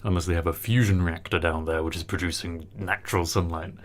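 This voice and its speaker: Low-voiced man, joking and rambling. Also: steady tone, a little fast. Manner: joking, rambling, lots of ums. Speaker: co-host. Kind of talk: casual chat.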